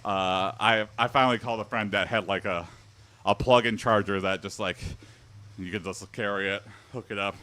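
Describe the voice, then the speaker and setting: A man's voice: lowish voice, steady tone, moderate pace, bright, forceful tone, smooth. A young man streaming and chatting casually, rambling with many fillers. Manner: rambling, filler-heavy, lots of likes. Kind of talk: casual chat reacting to text-to-speech donations.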